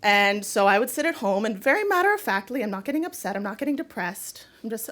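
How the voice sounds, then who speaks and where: A woman's voice: fairly high pitch, fast, hardly any pauses. A young woman telling a candid, wry personal story live on stage to an audience. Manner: candid, wry, lively delivery with laughter. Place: small live venue before an audience.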